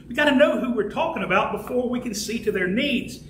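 A man preaching a fervent sermon as pastor, building to shouts and slowing down to stress key words. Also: very high-pitched, animated, slight background noise. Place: church sanctuary. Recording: echoey church room with faint ambience.

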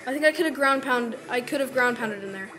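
A woman's voice: high-pitched, fast talker, pushed and bright, low-quality recording. Chatty woman narrating her gameplay. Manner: chatty, exclaims and groans in frustration. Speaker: let's play gamer. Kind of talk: casual gameplay commentary. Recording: game music playing behind.

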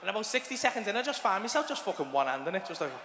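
A man with a Liverpool accent does a crude, swearing stand-up set, acting out scenes as he goes. His voice sits high, and the live recording carries long hall reverb with the audience clearly heard behind him. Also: very animated, rapid-fire, heavy background noise. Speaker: stand-up comedian. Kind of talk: stand-up routine. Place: comedy club stage.

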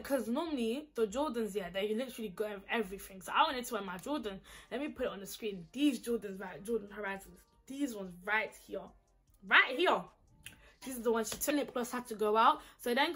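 A young woman with a London accent, telling a storytime vlog in an animated, indignant, slang-heavy way. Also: fairly high pitch, fairly quick, husky. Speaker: vlogger.

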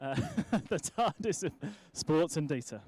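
A man's voice: a little high, wildly swooping pitch, measured pace, darkish tone, husky, no echo. A man presenting a live conference talk and introducing his co-hosts in a chatty, jokey way with many uhs. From United Kingdom.

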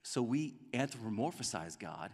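A man preaching a sermon as a pastor, in a conversational, animated way that acts out quotes. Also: medium pitch, unhurried, long reverb tail. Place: church sanctuary.

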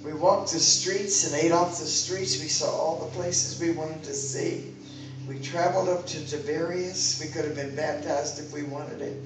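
A woman's voice: low voice, steady tone, normal speed. Woman preacher, fervent sermon, exhorting, very echoey room, distant mic, music playing behind. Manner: fervent, exhorting, rising to loud calls.

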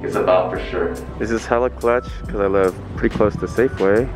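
A man's voice: fairly low pitch, a little fast. Laid-back young man vlogging at home. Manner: laid-back slangy talk. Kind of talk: casual vlog chat. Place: home kitchen and grocery store. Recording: lo-fi music playing under voice.

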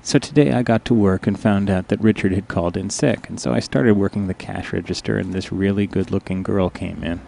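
A young man tells a comic story in a deadpan, wry drone. His voice sits very low and gravelly, with a faint hiss of noise behind it. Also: brisk, few pauses. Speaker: narrator.

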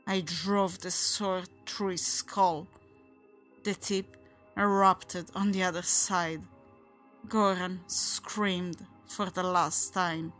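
A woman narrating a first-person horror story in a measured, unhurried way. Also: medium pitch.

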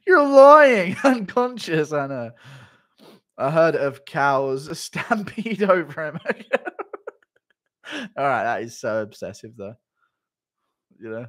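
A man's voice: a little high, sing-song, slow pace, pauses often, a bit bright. A man chatting casually on a livestream, joking crudely with his chat and constantly breaking into laughter. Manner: giggly, keeps breaking into laughter.

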